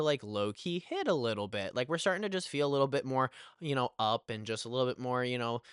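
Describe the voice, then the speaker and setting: A young man telling a casual storytime, animated and full of swearing and filler phrases. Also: medium pitch, clear, resonant tone, no echo, studio quality.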